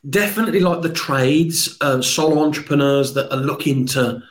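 A man's voice: a little high, normal speed, a little hiss or hum. A man with a Birmingham accent, talking as a sales trainer guest in an upbeat, talkative podcast interview.

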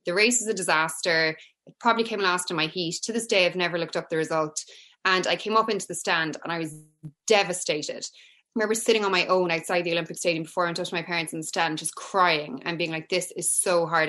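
A woman from Ireland in her thirties with an Irish accent, a former athlete chatting as a guest and acting out family voices. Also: fast. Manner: animated, acts out her mother in high pitch. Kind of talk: casual interview storytelling.

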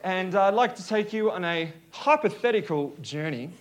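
A man's voice: high-pitched, animated, moderate pace. A man voicing a mock German male psychiatrist with a put-on German accent, hammy and theatrical, as a joke in a sermon. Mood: playful.

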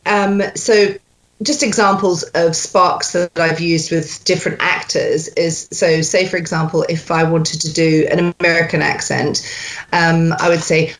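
Dialect coach, woman, low-ish register, animated demonstrator, roomy recording. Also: unhurried. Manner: animated, demonstrating sounds and accents. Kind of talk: coaching an actor in an accent session. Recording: echoey room.

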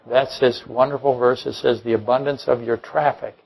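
A man's voice: mid-range voice, fairly even intonation, normal speed, creaky, darkish tone, poor audio. A man preaching a sermon to his congregation as pastor, emphatic, with rhetorical questions and dry jokes. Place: church.

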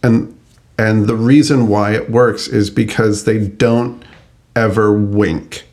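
Deep-voiced man in chuckly podcast chat. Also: fairly even intonation, slow pace, a little mellow. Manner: conversational, chuckly, self-correcting. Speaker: podcast co-host. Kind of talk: casual chat.

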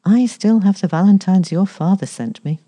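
A woman reading aloud who voices a placid, gently amused older mother in soft tones. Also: medium pitch, moderate pace, voice pushed up, natural voice.

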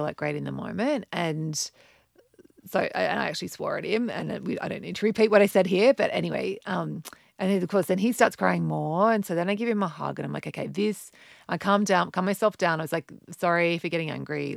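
A woman's voice: on the low side, moderate pace, vocal fry, dry recording, studio quality. A woman in her thirties telling a rambling story to her followers, often restarting her sentences. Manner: rambling, self-correcting storyteller. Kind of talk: casual talk to camera.

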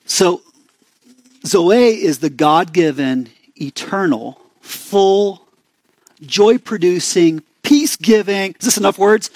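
A young man with an Arizona accent preaches in a relaxed, conversational sermon, often turning to the congregation with questions. His voice sits fairly high for a man. The sound is dry and close, with little room. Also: slow, dry recording. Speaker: pastor.

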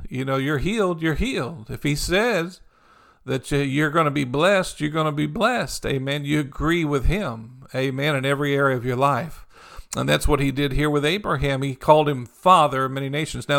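A male pastor preaching a sermon in a slightly higher-than-usual voice with a gravelly edge. He talks conversationally, circling back to the same encouraging phrases and punctuating almost every thought with "amen" or "you know.". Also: fairly bright tone. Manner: repetitive, encouraging cadence.

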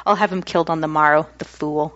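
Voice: medium pitch, fairly even intonation, fast talker, a bit bright, no room sound, natural voice. A woman reading aloud as a cruel, spoiled boy king with a sneering, threatening manner, on a slightly dull lo-fi recording.

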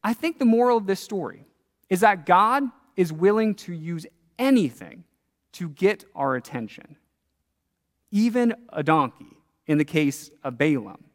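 Animated high-voiced male preacher in a hall. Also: measured pace. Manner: animated storytelling, asking listeners questions. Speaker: pastor. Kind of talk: sermon with Bible reading.

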